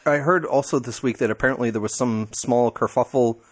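A man co-hosting a podcast, talking in a relaxed, dry, casual way. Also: mid-range voice, fairly quick. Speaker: podcast co-host.

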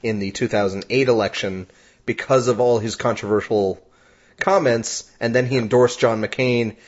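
A man co-hosting a podcast in casual chat, jokey and quick to laugh. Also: medium pitch, fairly even intonation, lo-fi sound. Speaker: podcast co-host.

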